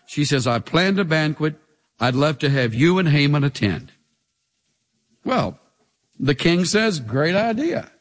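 Animated preacher man, lively high voice. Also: breathy edge, in a large hall. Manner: animated, rhetorical questions to the congregation. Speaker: pastor. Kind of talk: sermon.

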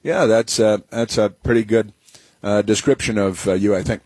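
A man's voice: lowish voice, moderate pace, a little mellow, husky, no room sound. A man hosting a talk radio show, rambling sarcastically with many fillers and restarts.

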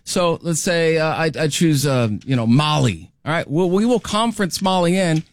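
A man's voice: on the high side, animated, normal speed, no room sound, clean studio sound. A man hosting a morning radio show in casual chat, joking and explaining contest rules. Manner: jokey, chatty, explaining rules.

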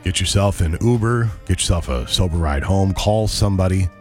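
A man's voice: sits low, expressive, brisk, faint music behind. A man hosting a morning radio show, chatty and wry, reading ads and news. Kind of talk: casual radio banter and live reads.

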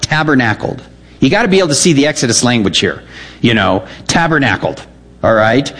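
A man's voice: medium pitch, animated, fairly quick. A man preaching a sermon, reading scripture aloud and checking in with his listeners as he explains it. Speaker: pastor.

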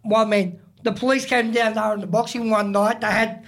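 A man's voice: high voice, steady tone, fairly quick, a bit bright. A man, co-hosting a podcast in casual chat and telling a story with repeated, emphatic phrasing.

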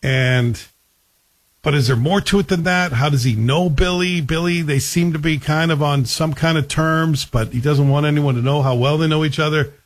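A man with a fairly high voice and a moderate pace gives a casual spoken review of a TV series. He's chatty and wry, tossing out rhetorical questions as he goes.

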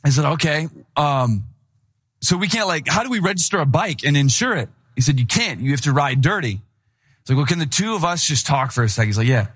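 A young adult man, a pastor, preaching a sermon in a lively, conversational storytelling way. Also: on the high side, fairly quick, slightly rough.

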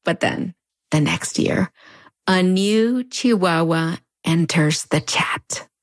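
A woman's voice: fairly low pitch, slow, dry recording, clean studio sound. A woman with a US-Mexico border accent narrating a video essay in a conversational, wry way. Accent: US-Mexico border Spanish-tinged English. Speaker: host.

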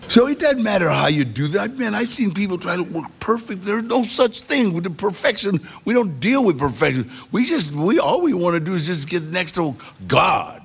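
A man telling his life story in a lively, conversational way, acting out the quotes from the people in it. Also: high-pitched, normal speed, hardly any pauses. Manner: gravelly, animated storytelling with acted quotes. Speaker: storyteller guest. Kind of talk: personal storytelling.

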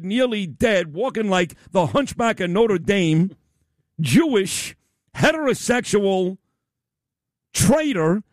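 A man hosting a talk radio show, ranting loudly and bluntly with profanity in a combative opinion segment. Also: high-pitched, dry recording, studio quality.

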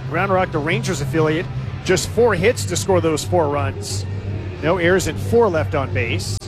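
Man, baseball play-by-play announcer, fairly high voice, steady stat-filled recaps, music playing behind. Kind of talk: live baseball play-by-play commentary.

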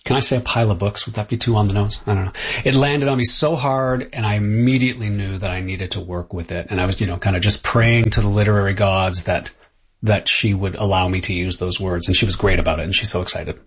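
Middle-aged canadian guy, author, thinks out loud and restarts sentences, lowish voice. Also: fast, husky. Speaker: author and guest. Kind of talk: interview conversation. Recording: dull lo-fi sound.

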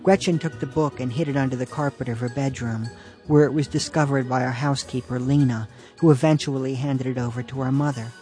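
A man's voice: medium pitch, steady tone, fairly quick, warm tone, faint music behind. Man dryly reading a humorous essay. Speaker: author reading his own story.

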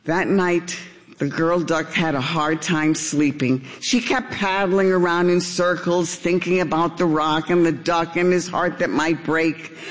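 An older woman reading a children's story aloud in an expressive storybook style. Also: on the low side, a little slow, long reverb tail.

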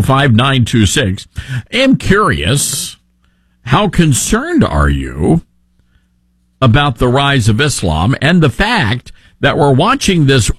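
Talk radio host, male, husky, lively, emphatic, dry close mic. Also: mid-range voice, no echo. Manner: animated, emphatic, with frequent restarts. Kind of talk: opinionated talk radio monologue.

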